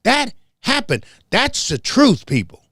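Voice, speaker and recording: This Memphis host from the southern US lays out a heated, confrontational monologue on his show, repeating points to drive them home. His high voice swings hugely in pitch at a slow pace, sounding a bit bright and slightly rough. The recording is dry and close.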